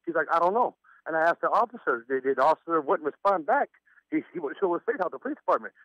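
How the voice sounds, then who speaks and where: A man calls in over a dull, muffled phone line, his voice a little high for a man. He stammers and laughs nervously as he tells his story. The sound is close and dry. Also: very animated, fast talker, dry recording. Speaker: caller. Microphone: telephone.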